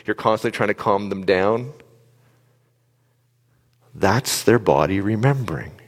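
A man giving a live talk to an audience, telling stories in an animated way and asking the crowd questions. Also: on the low side, measured pace, in a large hall. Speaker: speaker addressing an audience.

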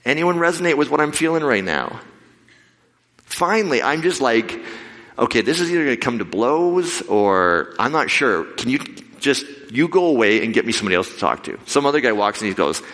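Animated man preaching in a hall. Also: medium pitch, normal speed. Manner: animated, acts out quoted voices. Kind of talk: sermon with storytelling. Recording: long hall reverb.

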